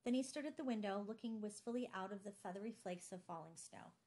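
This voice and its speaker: Woman narrating a novel, measured. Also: medium pitch, a little mellow. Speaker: audiobook narrator. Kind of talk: scripted narration.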